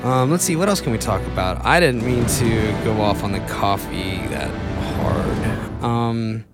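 A young man chatting casually as a podcast host, rambling between mumbled asides and excited outbursts. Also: mid-range voice, a little slow, loud music behind the voice. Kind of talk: casual solo chat.

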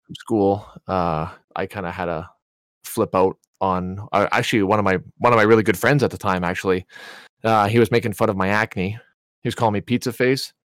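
A man with a low voice, chatting on a podcast and acting out the people in his stories. The room is dry and close, with no echo. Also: fairly quick. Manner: animated storyteller, acts out quoted voices. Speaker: podcast co-host. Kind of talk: casual chat.

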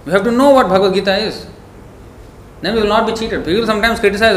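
A man's voice: high-pitched, quick pace, a bit bright. A man giving a devotional sermon in an emphatic, scolding, storytelling manner. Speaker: preacher. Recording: echoey room, faint background noise.

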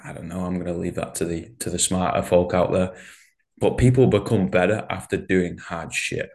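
A man hosts a casual podcast chat in a very low voice. He talks bluntly and fired up, with swearing scattered all through. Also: fairly even intonation, moderate pace, gravelly, a little mellow. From northern England. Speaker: podcast host and CrossFit coach.

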